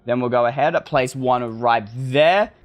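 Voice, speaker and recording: A man narrating a survival game as he plays, excitable, often calling out to his viewers. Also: medium pitch, unhurried, noisy background. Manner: excitable, talks to viewers as "guys". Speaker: gaming video creator. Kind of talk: let's play commentary.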